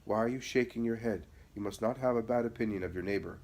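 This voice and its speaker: A man reading the part of a calm, gentle teacher speaking patiently to a child. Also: fairly low pitch, fast, a little hiss or hum, lightly acted.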